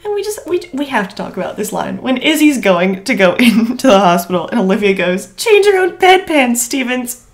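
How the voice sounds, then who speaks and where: A woman co-hosting a podcast in casual chat, laughing often and quoting lines in high mock voices. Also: animated, a little fast, few pauses. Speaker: podcast co-host.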